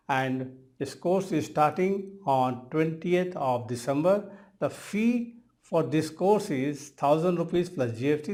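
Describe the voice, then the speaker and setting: A hypnotherapist and trainer in his sixties, speaking with an Indian English accent and a darkish tone, gives an earnest promotional pitch. He frequently calls the listener his friend.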